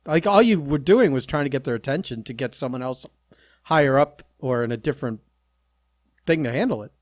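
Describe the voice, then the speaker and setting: A man's voice: mid-range voice, expressive, a little fast, no room sound, studio quality. A man co-hosting a casual podcast, teasing his co-host and laughing at him.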